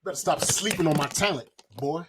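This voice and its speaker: A young man from Florida talks loud and jokey on a podcast. His voice sits somewhat high, and he keeps things rowdy and playful. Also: brisk, noisy background. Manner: loud, joking, breaks into improvised raunchy song. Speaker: podcast co-host. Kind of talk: casual comedic chat.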